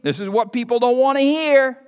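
High-pitched preacher guy in a big echoey church, fired up one sec then quiet asides. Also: fairly quick, clean tone. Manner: fervent preaching, swings between loud emphasis and quiet asides. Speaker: pastor. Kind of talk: sermon. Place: church sanctuary with balcony. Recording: long church reverb.

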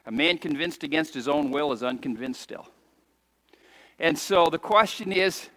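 Impassioned high-voiced male preacher. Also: expressive, moderate pace, big-room sound. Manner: impassioned preaching that rises to shouts and drops to soft intimate lows. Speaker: pastor. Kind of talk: sermon.

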